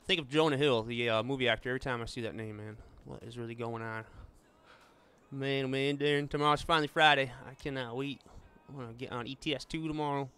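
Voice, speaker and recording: Bright-voiced chatty gaming streamer man. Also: mid-range voice, fairly even intonation, fast, clean tone. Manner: chatty, friendly, calls viewers "man" and "buddy". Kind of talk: casual gameplay chat.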